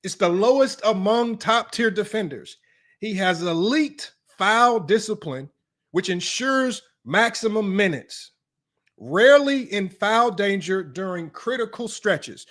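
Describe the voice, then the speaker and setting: Young male sports streamer with a high voice, blunt and sarcastic, reads stats aloud and talks straight to chat. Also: lively intonation, a little slow, a bit bright. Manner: blunt, sarcastic, addresses viewers directly as y'all. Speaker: sports commentary host.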